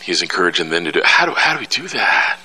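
A man's voice: sits low, big pitch swings, fast, pushed and bright, slightly rough, rough recording. A middle-aged man preaching an emphatic sermon as pastor, repeating key phrases for effect.

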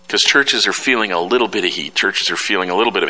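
A man's voice: deep voice, fast, hardly any pauses, bright, forceful tone, rough recording. A middle-aged man preaching an emphatic sermon as pastor, repeating key phrases for effect.

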